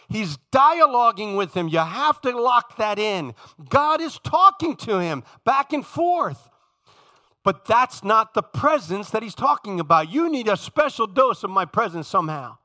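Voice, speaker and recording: A man preaching a sermon as pastor, dramatic, swinging from booming lines to hushed asides. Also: very animated, a little slow.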